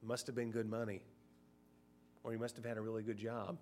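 A man's voice: fairly low pitch, level tone, brisk, darkish tone, slight background noise. Middle-aged guy preaching, chatty sermon, does little voices for quotes. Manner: conversational, acts out short quoted voices.

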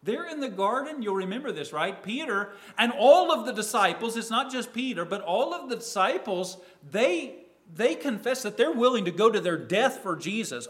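High-pitched man preaching a sermon. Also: sing-song, normal speed. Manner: acts out a disciple's words in quoted asides; rises in loudness and falls to near silence.

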